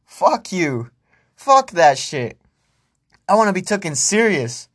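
A man's voice: high-pitched, very animated, takes it slowly, fairly bright tone, husky. A young man hosting a casual solo podcast, rambling and swearing freely as he talks to himself and his listeners. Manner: profane, rambling, self-talking. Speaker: podcast host.

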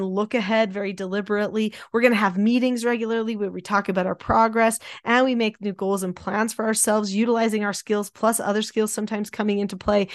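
A woman's voice: fairly high pitch, no echo. Woman, middle-aged, emphatic explainer, teaching parents, dry close sound. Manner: emphatic, explanatory, repeats key words. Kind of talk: instructional podcast talk.

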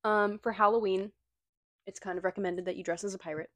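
A woman's voice: mid-range voice, steady tone, fast, fairly bright tone. A young woman from Missouri co-hosting a podcast, reading out her notes in a dry, matter-of-fact way. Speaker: podcast co-host. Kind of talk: casual chat.

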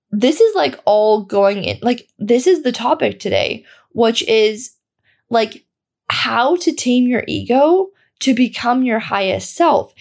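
A woman's voice: a little high, a little mellow. A young woman hosting a self-help podcast. She talks casually and candidly, swears freely and says "like" constantly. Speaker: podcast host.

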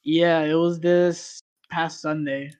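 A man's voice: fairly high pitch, flat delivery, slow, a little mellow, clean tone. A man telling a long story in casual podcast chat, rambling with lots of fillers and restarts.

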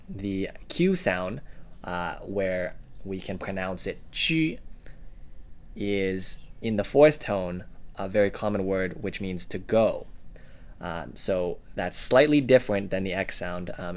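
A man co-hosting a relaxed language lesson, explaining example words with frequent ums and uhs. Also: low-pitched. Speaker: language teacher co-host. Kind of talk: casual instructional podcast.

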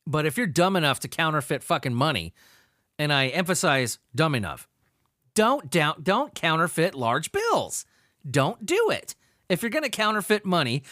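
Crude ranting man with lively pitch. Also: dry recording, clean studio sound. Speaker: podcast host. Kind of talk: profane comedic news commentary.

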